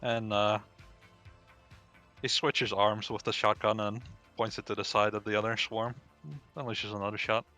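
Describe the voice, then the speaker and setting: A man with a low but sharp, bright-toned voice plays his turn in a tabletop game. He is laid-back and terse, with faint music behind him. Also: level tone, moderate pace, pauses often. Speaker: player.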